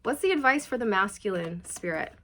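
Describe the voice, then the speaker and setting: A woman's voice: medium pitch, lively intonation, a little fast, fairly bright tone. A woman giving a chatty, reassuring tarot reading and passing on channeled messages directly to her viewers. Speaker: tarot reader.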